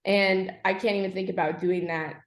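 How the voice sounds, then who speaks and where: A young woman, a podcast guest, telling her personal story candidly, with frequent pauses and fillers. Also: medium pitch, fairly even intonation. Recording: echoey room.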